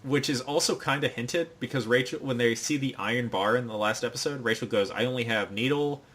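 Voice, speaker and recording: A man with a mid-range voice hosting a podcast, recounting a story at length. He rambles and leans heavily on fillers, in a relaxed, conversational tone. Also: mid-range voice, fairly quick, slightly rough. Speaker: podcast host. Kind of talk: casual recap chat.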